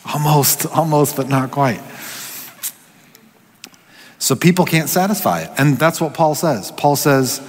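A man preaching a sermon in a conversational way, slowing for emphasis and dropping to a hush at times. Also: mid-range voice, very animated. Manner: conversational, drops to hushed whispers for quoted voices. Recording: echoey hall with long reverb.

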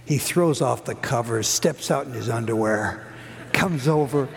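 A middle-aged man preaching a sermon, telling a story earnestly, rising high and dropping to a hush. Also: unhurried, vocal fry. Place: church hall. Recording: long hall reverb.

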